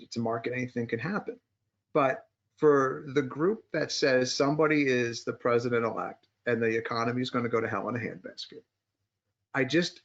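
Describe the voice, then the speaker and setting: A man's voice: medium pitch, creaky, a bit bright. A male co-host of a podcast chatting casually, joking around and then explaining stock charts step by step, with many restarts. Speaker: market strategist and co-host. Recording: muffled lo-fi audio.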